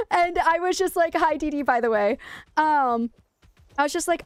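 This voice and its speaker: A woman's voice: high voice, big pitch swings, normal speed, long pauses, no echo. A young woman streamer chatting casually while gaming, telling a rambling, self-mocking story.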